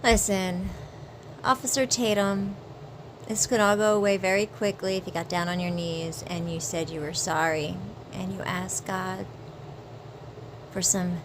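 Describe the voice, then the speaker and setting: A woman's voice: lowish voice, little pitch movement, a little slow, noisy background. A woman co-hosting a commentary show in a lecturing, scolding way. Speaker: co-host. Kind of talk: casual commentary.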